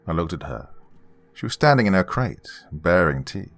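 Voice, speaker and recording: A man narrating a first-person horror story in a measured, hushed storytelling manner. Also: low voice, sing-song, soft background music.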